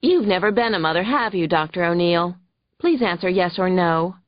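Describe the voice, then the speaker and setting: A woman's voice: lowish voice, animated, normal speed, no room sound, muffled recording, lightly acted. A woman voicing a snide, huffy female attorney who fires badgering questions in an audiobook. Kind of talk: audiobook character voice.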